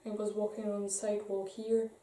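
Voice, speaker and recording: A woman's voice: mid-range voice, flat delivery, a little fast, warm tone, far from the mic. A young woman telling a casual storytime, chatty and full of "like". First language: Dutch. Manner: chatty, lots of "like", laughs between lines. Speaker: vlogger. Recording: roomy sound, off-mic.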